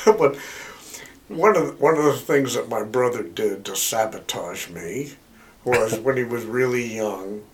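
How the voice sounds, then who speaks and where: An older man, a guest on a podcast, telling stories from his childhood in a relaxed, chuckling way. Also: mid-range voice, measured pace, recorded from a distance. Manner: chuckling, rambling storyteller. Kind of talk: casual storytelling.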